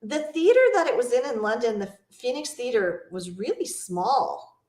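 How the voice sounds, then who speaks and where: A woman's voice: fairly high pitch, sing-song, moderate pace, darkish tone, roomy sound. A woman hosting a live travel Q&A, chatting casually, rambling a bit, reading out viewers' comments and asking them questions.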